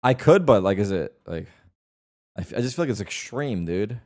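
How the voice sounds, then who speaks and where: A man's voice: lowish voice, animated, moderate pace, darkish tone. A young man streaming live, bantering with his chat in a loose, defensive way and swearing freely.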